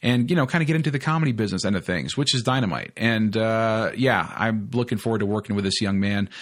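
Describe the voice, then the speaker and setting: A man hosts his podcast with a loose, rambling monologue, piling up fillers and restarts and swearing freely. His voice sits on the lower side of the male range. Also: fast. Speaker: podcast host. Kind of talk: casual storytelling monologue.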